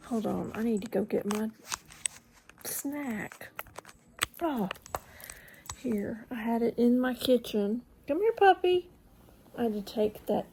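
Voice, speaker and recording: A woman's voice: a little high, fairly even intonation, takes it slowly, pauses often, warm tone, slight background noise, low-quality recording. A woman chatting casually to camera at home, rambling, trailing off and slipping into whispered asides. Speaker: vlogger. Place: at home in front of a mirror.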